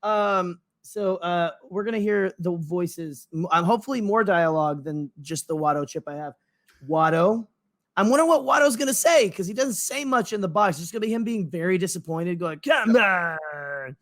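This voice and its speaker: A man's voice: sits high, brisk, fairly bright tone. A man co-hosting a podcast in casual chat, rambling off on tangents with lots of fillers. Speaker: podcast co-host.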